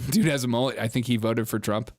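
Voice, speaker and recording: A man in an average pitch range hosts a loose reaction show. He talks casually, teases the clips he is watching and breaks into laughter again and again. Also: normal speed, a little mellow. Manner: mocking, laughs often while talking. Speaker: host.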